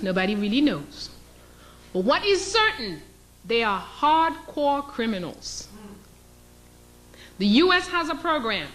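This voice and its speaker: In this rough recording, a woman with a high-pitched, fairly bright voice gives a fervent public lecture. She speaks emphatically, role-plays scenarios, and asks rhetorical questions.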